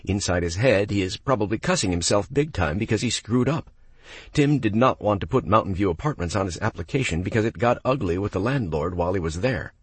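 Low husky man coaching landlords. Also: expressive, brisk, no echo. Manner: coaching, step-by-step explanations. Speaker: property manager. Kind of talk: instructional narration with role-played phone calls.

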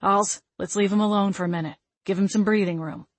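A woman's voice: medium pitch, steady tone, fairly quick, no room sound, close to an everyday voice. A woman voicing a protective young man who gives urgent, insistent commands. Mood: calm.

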